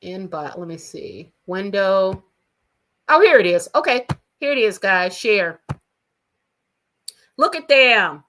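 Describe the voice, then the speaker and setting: A woman's voice: medium pitch, very animated, slow pace, long pauses, sharp tone. A woman hosting a casual gossip livestream from her own room at home, talking chattily and straight to her viewers. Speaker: livestream host.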